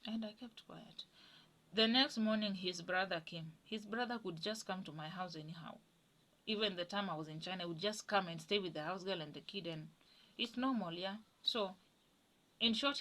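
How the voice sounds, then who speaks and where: Woman telling a personal story. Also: fairly bright tone. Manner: acts out others' lines in a raised pitch.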